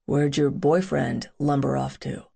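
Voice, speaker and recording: A woman voicing a brooding, teasing young man, his lines low, hushed and wry. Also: steady tone, a little slow, gravelly, breathy edge, exaggerated voice.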